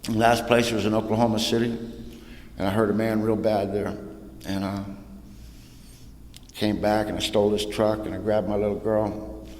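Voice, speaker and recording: A man with a lowish voice shares his recovery story from a podium. He mixes joking asides with plain, hushed honesty. The sound is roomy, with a long hall echo and faint background noise. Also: level tone, moderate pace, long pauses. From Southern California. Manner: humorous storytelling, drops soft and low for painful parts; casual southern-tinged slang, "ain't", "y'all". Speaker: recovery meeting speaker. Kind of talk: personal testimony talk.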